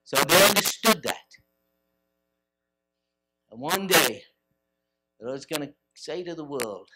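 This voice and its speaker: A man preaching a sermon at a church service, swinging from forceful bursts to quiet stretches. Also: on the high side, animated, slow, long pauses. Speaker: pastor.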